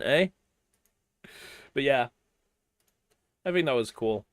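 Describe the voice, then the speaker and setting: A man's voice: mid-range voice, expressive, takes it slowly, long pauses, dry recording, studio quality. A man streaming a video game, chatting casually and rambling with trailing sentences and swearing. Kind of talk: casual let's-play chat. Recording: game music behind.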